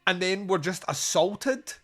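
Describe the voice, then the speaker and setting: A podcast host with a high-sitting, lively voice chats casually about a film at a measured pace, sounding a bit bright. He rambles and jokes, using lots of fillers.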